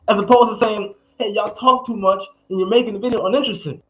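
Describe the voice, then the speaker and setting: Bright, high-pitched ranting man. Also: fairly even intonation, quick pace, a little hiss or hum, poor audio. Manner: heated, ranting, profane. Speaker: podcast co-host. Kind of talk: casual reaction commentary.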